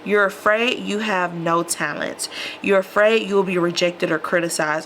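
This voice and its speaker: A woman's voice: on the low side, steady tone, normal speed, noisy background. A woman vlogger chatting casually to her viewers while unboxing a mystery box, calling them y'all. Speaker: lifestyle vlogger.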